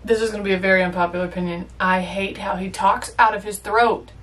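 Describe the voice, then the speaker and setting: A woman's voice: mid-range voice, steady tone, fast talker, few pauses, a bit bright, far from the mic, a little hiss or hum. A young woman chatting playfully as she reacts to a movie, with joking asides. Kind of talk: casual reaction commentary.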